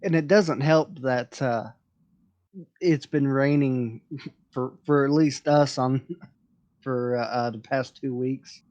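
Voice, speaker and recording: Man, stream host, casual voice chat, rambling, joking, lots of fillers, middle pitch, dull lo-fi sound. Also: steady tone, slow pace, long pauses, a little mellow. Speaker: stream host leading a drawing session.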